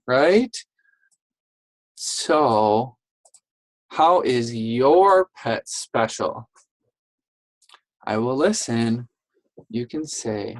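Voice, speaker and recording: A woman teaching a phonics lesson to young English learners, saying each word slowly and clearly and praising the children. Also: rumbling low, lively intonation, a little mellow, no echo, poor audio. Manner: slow, clearly enunciated, encouraging classroom talk.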